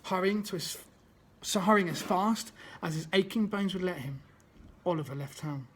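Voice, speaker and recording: A man's voice: sits high, moderate pace, fairly bright tone, a little hiss or hum. A man reading a children's book aloud as a storyteller, unpolished and often restarting.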